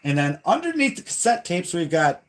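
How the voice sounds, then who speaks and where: A man's voice: high-pitched, sing-song, normal speed. Chatty co-host man, casual rambling room-tour delivery, phone-filmed live stream at home. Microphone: handheld phone camera.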